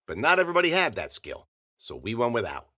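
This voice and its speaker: A man narrating a first-person story in a wry, hard-boiled deadpan. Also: medium pitch, fast talker.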